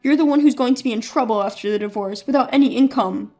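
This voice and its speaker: A woman's voice: fairly high pitch, fast, dark tone. A woman voicing an indignant, controlling middle-aged husband who blusters and gets defensive. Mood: scornful.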